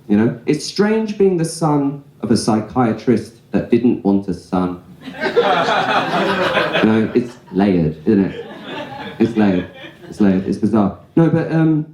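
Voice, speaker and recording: A man's voice: mid-range voice, warm tone. A young man performing a stand-up comedy set in a club, telling stories in a chatty way and tossing in "right?" asides. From England. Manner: conversational storytelling with frequent "right?" asides. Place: comedy club stage before a laughing audience. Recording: roomy club echo.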